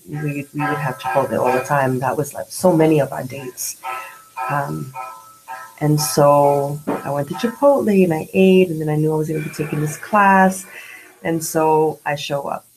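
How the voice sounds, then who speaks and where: A woman in her late forties with a low voice talks through a personal diary vlog. She is candid and slangy, shifting between lively retellings and soft reflection. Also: poor audio. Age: 40s. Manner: candid, slangy, animated when retelling, hushed when grieving. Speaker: vlogger.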